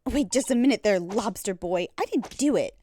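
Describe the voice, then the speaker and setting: A woman voicing a brash, sharp-tongued young female magician who talks in a snappy, defiant, rude way. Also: mid-range voice, expressive, normal speed, a little hiss or hum, lightly acted. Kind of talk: reading a game aloud with voices.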